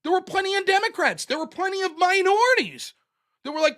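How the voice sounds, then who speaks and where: A man's voice: very high voice, big pitch swings, brisk, sharp tone. A man hosting a show, delivering a blunt, profane, sarcastic political commentary rant. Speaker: show host.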